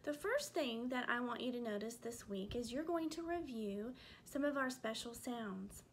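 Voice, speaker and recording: A woman teaching a remote phonics lesson to first graders, slowly sounding out letters and vowel sounds. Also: fairly high pitch, expressive, a little hiss or hum. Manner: slow, clearly sounding out letters for small kids.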